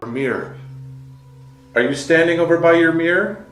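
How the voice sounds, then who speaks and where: A man's voice: a little high, normal speed, fairly bright tone, soft background music. A man investigating a haunted house, calling out to spirits and reacting with startled swearing. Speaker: paranormal investigator. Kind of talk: ghost-hunting video.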